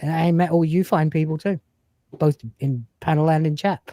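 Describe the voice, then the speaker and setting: A man's voice: on the high side, fairly even intonation, moderate pace, mellow. A man in his forties hosting a livestream, chatting casually in a profane, joking way and telling stories. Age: 40s. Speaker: host.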